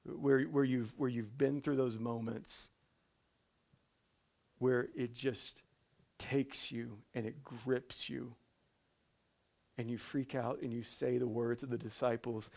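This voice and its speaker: A man preaching a sermon who breaks into humorous asides, stumbles over his words and restarts, and turns slow and quiet for solemn points. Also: medium pitch, flat delivery, gravelly.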